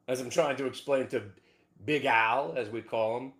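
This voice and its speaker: A man hosting a trading show, talking fast and excitedly over charts, dropping to a low mutter and then bursting into whooping shouts.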